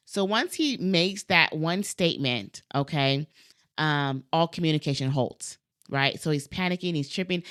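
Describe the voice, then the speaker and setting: A woman with a slightly low voice shares a story from her coaching work in a relaxed, chatty way. She keeps tossing in "like" and "right?" and jumps into the voices of the people she quotes. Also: unhurried, smooth. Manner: animated, acts out quoted dialogue, frequent "like" and "right?". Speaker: cleaning business coach. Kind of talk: casual storytelling to camera.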